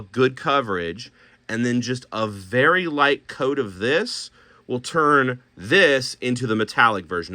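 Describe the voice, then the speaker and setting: A man's voice: mid-range voice, pushed and bright, no echo. A man casually thinking aloud as he shows paints and miniatures, talking himself through color choices with many restarts.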